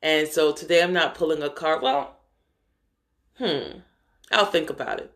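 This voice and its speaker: A woman spiritual teacher giving a live-streamed spiritual talk, gentle and heartfelt, calling her listeners brothers and sisters of the light and drawing out words slowly for emphasis. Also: low-pitched.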